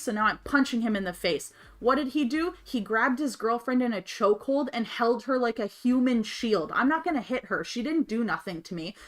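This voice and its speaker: A woman telling a story in casual, colloquial, animated talk on a livestream, swearing freely. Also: a little high. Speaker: streamer's wife, co-host of a gaming livestream.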